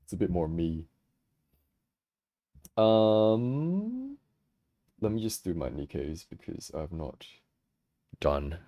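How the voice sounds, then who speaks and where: Speaking slowly with frequent pauses, a low-voiced young man hosts a casual action figure livestream from his home in Hong Kong. He's chatty and expressive, laughing and swearing freely as he responds to viewers, with no room sound audible.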